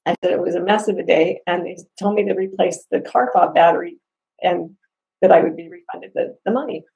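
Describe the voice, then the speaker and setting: Gravelly-voiced woman telling an upset story. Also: on the low side, brisk, dull audio. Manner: animated storytelling with laughs and acted-out quotes. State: upset, near tears. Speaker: customer telling a complaint story. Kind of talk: casual spoken review.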